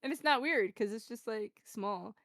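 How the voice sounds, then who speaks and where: A young American woman chats easily as a guest, her voice a little on the high side. She tells her stories with a wry, relaxed manner and slips into soft, low asides. The sound is dry, with no room around it. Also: moderate pace, no room sound. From United States. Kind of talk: casual chat.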